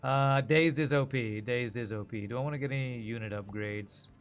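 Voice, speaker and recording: A man's voice: mid-range voice, normal speed. Guy streaming a card game, joking around w chat, faint music behind. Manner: chatty, jokey, talks to chat while playing. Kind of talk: casual gameplay commentary.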